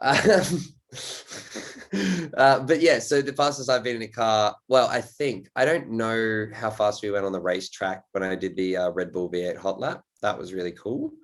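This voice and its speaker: A man's voice: lowish voice, fairly quick, hardly any pauses. A man hosting a podcast, chatting casually in a loose, rambling way and swearing freely. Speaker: podcast host.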